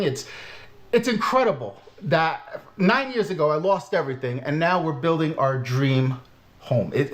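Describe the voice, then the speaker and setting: Blunt Brooklyn-accented man, lively pitch. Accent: Brooklyn Italian-American New York. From Brooklyn, New York. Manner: blunt, self-mocking, swears casually. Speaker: channel host. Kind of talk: casual live-stream chat.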